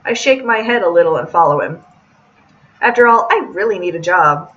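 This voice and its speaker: A woman's voice: on the low side, lively intonation, moderate pace, a bit bright, lo-fi sound. Young woman chatting through a visual novel. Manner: chatty, joking asides. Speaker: let's play host. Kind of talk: reading a visual novel aloud with commentary.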